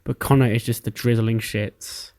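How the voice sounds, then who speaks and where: A man's voice: medium pitch, fairly even intonation, moderate pace, a little mellow. A man casually narrating his own playthrough of a wrestling management game. He swears freely and briefly acts out the characters' lines as he tells the story. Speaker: game let's-player narrating a wrestling sim.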